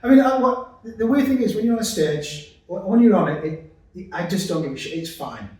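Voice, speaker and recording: A man's voice: high-pitched, brisk. Rambling man in a roomy room. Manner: rambling, self-deprecating, excitable storytelling. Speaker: podcast co-host and performer. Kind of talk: casual chat. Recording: roomy, distant mic.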